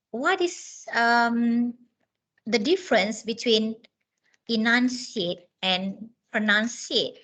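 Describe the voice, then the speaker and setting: A woman's voice: on the high side, fairly bright tone, rough recording. A woman trainer giving a chatty training lecture, with many fillers and restarts, laughing often.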